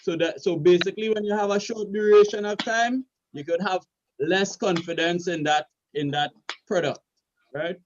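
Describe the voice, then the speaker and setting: A man's voice: high-pitched, steady tone, normal speed, lo-fi sound, a little hiss or hum. A man with a Caribbean accent, explaining his point in an earnest, lecturing way and checking in with "right?" as he goes. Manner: lecturing, repeats "right?" often. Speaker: podcast co-host. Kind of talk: earnest casual debate.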